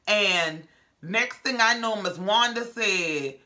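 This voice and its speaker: Sassy bright-voiced woman recapping TV. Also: lowish voice, lively intonation, slow pace. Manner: sassy, blunt and slangy. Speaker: reality TV recap host. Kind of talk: casual commentary.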